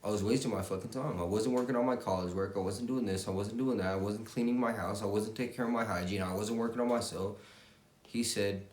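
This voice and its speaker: A man's voice: fairly low pitch, fairly even intonation, fast talker, darkish tone. A man giving a profane, intense motivational rant, repeating himself and swearing constantly. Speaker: motivational vlogger. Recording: roomy echo.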